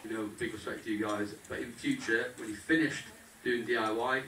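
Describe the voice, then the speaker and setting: In a mid-range voice with fairly level delivery, a young groom talks rather quickly, cracking jokes and thanking everyone present as he addresses them head-on. Background noise is heavy: an echoey reception hall, a remote microphone, and a loud, laughing, chatty crowd.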